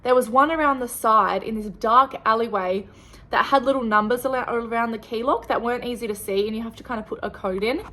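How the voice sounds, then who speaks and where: Chatty Australian woman, slightly high voice. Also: brisk, bright, forceful tone. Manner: rambling, swears freely, restarts mid-sentence. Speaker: travel vlogger. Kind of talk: casual storytelling to camera.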